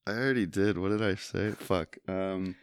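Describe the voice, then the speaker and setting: A young man with a very deep voice chats on a movie podcast. He is relaxed and swears freely, often trailing off mid-thought. The recording is dry and close. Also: normal speed, clean tone, no echo. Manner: relaxed, profane, trailing off with fillers. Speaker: podcast co-host. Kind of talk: casual movie podcast chat.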